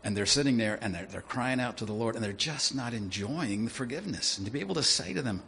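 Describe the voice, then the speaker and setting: A man preaching a sermon in a lively, conversational way, often asking his listeners questions. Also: medium pitch, fast, gravelly, hardly any pauses, a little hiss or hum. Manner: animated, conversational, asks the audience questions.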